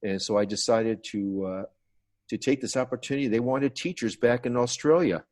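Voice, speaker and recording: A man's voice: medium pitch, normal speed, darkish tone. A man in his sixties from the United States, a podcast guest telling long rambling stories about his past. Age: 60s. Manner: rambling reminiscing storyteller. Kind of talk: casual interview.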